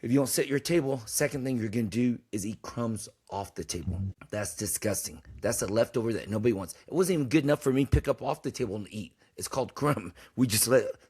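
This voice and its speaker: A man's voice: medium pitch, quick pace, hardly any pauses, darkish tone, slightly rough. A man hosting a podcast in casual talk, blunt and emphatic, preaching his points and swearing freely. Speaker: podcast host.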